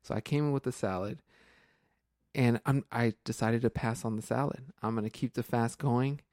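A man's voice: medium pitch, steady tone, moderate pace, darkish tone, no room sound. Upbeat man co-hosting a podcast, dry sound. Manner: chatty, upbeat, laughs often. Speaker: podcast co-host. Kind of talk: casual podcast chat.

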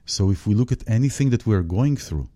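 Deep-voiced man talking spirituality. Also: animated, warm tone. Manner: halting, searching for words with many restarts. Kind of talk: spiritual conversation.

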